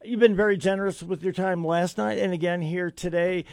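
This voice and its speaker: High-voiced emphatic man hosting talk radio. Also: steady tone, a little fast, vocal fry, no room sound. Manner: emphatic, repeats words, self-described sarcastic. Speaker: radio talk show host. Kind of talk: political talk radio interview.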